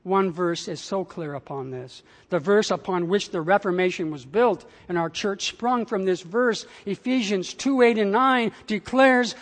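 Pastor delivering a sermon, slow, weighty, emphatic phrasing, long church echo. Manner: slow, emphatic delivery with wide swings in pitch and loudness.

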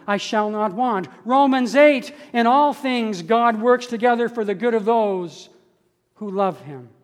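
An older man from Canada preaching a sermon, with measured delivery and slow emphatic stresses on key words. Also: sits high. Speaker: pastor. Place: church sanctuary. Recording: church hall with long reverb.

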